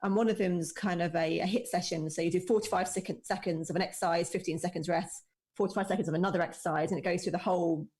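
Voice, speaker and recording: A woman's voice: fairly low pitch, fairly even intonation, quick pace, a little mellow. A woman chatting casually from home, explaining things keenly and with enthusiasm. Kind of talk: casual chat. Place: home, remote call.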